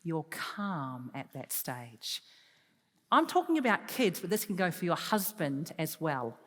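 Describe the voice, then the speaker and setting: A woman giving a lively counselling talk to an audience, moving from loud emphasis to soft, hushed advice. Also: low-pitched, unhurried. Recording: long hall reverb.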